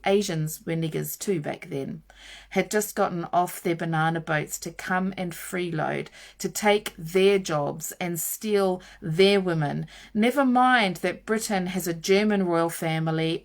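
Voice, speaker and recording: A woman reading a nonfiction book aloud, slow and deliberate, leaning hard on each word of a list. Her voice sits fairly low and has a steady gravelly fry running through it. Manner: measured, emphatic reading with stressed lists.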